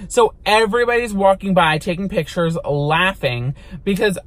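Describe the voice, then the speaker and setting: A young man with a high voice tells a dramatic story in his car-vlog storytime. He talks with lots of energy and theatrical emphasis. He swears casually as he goes. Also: normal speed. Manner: animated, dramatic retelling with swearing. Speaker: vlogger. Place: inside a car.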